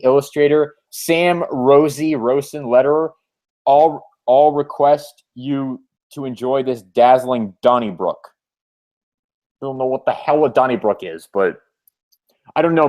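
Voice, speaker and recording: Relaxed man hosting a comic chat. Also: a little high. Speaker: host. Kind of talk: casual chat.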